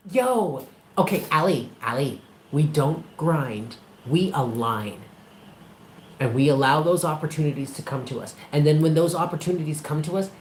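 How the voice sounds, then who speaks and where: A man with a fairly high-pitched, sharp voice gives a live tarot reading, pressing his points hard. He's blunt and emphatic, swears freely, and affectionately calls the sitter by endearments. A roomy echo surrounds his voice, with a faint hiss of noise in the background.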